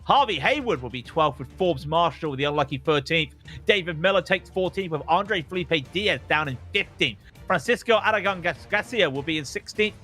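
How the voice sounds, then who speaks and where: A man's voice: fairly high pitch, expressive, fairly quick, pushed and bright, faint music behind. A man commentating a sim racing broadcast, calling laps and reading out the starting grid with energy. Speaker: lead commentator.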